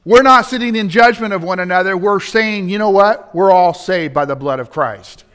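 A man's voice: sits high, moderate pace, a bit bright, clear, resonant tone. A man preaching a sermon in a church, building to emphatic points and turning to the congregation with asides. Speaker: pastor. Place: church sanctuary.

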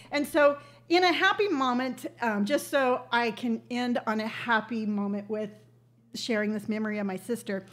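An older woman hosting a casual livestream, telling stories in a chatty, emotional way. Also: mid-range voice. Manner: chatty storytelling, emotional and tearful at moments. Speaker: livestream host. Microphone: webcam on a livestream.

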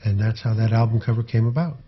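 Husky-voiced older man telling old stories. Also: lowish voice, fairly even intonation, muffled recording. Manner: unhurried, rambling recollection with frequent fillers. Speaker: tour photographer recalling memories. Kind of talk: conversational anecdotal storytelling.

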